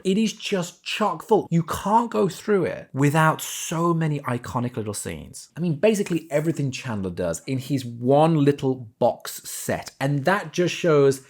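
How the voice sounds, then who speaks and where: A young man hosting a TV review video, talking in an animated, gushing way and laughing as he retells scenes. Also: fairly high pitch. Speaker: TV review channel host. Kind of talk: enthusiastic solo video review.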